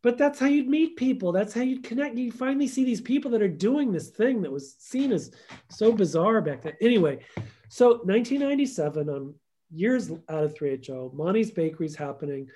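Brief: man, interview guest, higher-pitched voice, storytelling, acts out quotes. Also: lively intonation, brisk, dark tone. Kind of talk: conversational podcast interview.

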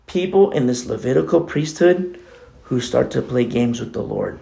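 A man's voice: medium pitch, expressive, moderate pace, gravelly, dark tone. A man preaching a sermon as co-pastor, talking in a conversational way with many asides.

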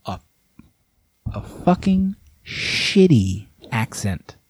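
A man in his thirties with a Southern American accent, co-hosting a casual podcast chat, swearing and ranting with big swings in his voice. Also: drawn-out words. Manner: animated, swearing, rants with big pitch swings. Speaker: podcast co-host.

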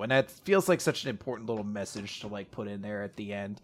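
A man's voice: on the low side, expressive, quick pace. A man co-hosting a podcast, chatting casually with an enthusiastic, joking manner and many fillers. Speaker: podcast co-host. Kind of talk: casual chat about a comic.

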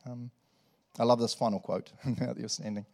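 A middle-aged man with a New Zealand accent preaching a sermon in a relaxed, conversational way, laughing often and tagging lines with "eh" and "right". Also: medium pitch, moderate pace, vocal fry. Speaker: pastor. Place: church hall with congregation.

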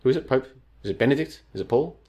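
Racing along in a medium-pitched, darkish voice with lively intonation, a streamer reads out chat and rambles to his "folks." Rhetorical questions pile up, and after two hours his voice is getting tired.

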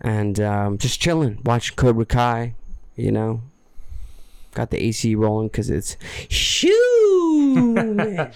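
A middle-aged man hosting a podcast, telling stories in a relaxed, easygoing way. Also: lowish voice, unhurried, vocal fry, clear, resonant tone, no echo. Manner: easygoing storyteller, chuckles often. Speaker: podcast host. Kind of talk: casual storytelling chat.

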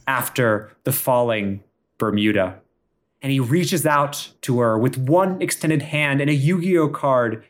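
A male host narrating an improvised comedy story with theatrical energy and frequent laughter. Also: mid-range voice. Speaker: podcast host.

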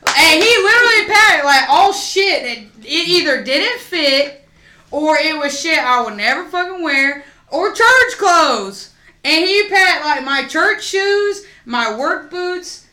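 Animated, profane woman in a roomy space. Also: very high-pitched, slow. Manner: profane, animated storyteller who acts out quotes. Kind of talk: casual chat. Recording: roomy echo.

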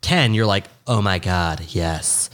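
A young man co-hosts a podcast, chatting casually in a low-pitched, slow, slightly bright voice. He laughs often and rambles, restarting his sentences.

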